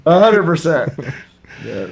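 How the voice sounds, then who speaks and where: A man being interviewed on a podcast, telling a story in a casual, animated way and jumping high in pitch when he quotes himself. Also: slow pace, creaky, a little hiss or hum. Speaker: podcast guest.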